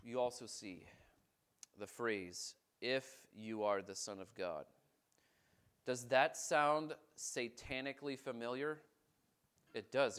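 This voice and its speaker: Preaching pastor, emphatic then hushed. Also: male voice, lowish voice. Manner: reads scripture aloud and breaks off to comment, swinging from emphatic to hushed. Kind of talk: sermon.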